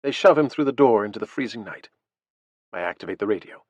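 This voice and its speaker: A man's voice: fairly low pitch, lively intonation, quick pace, darkish tone, no echo, muffled recording. Man reading a first-person audiobook. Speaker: audiobook narrator.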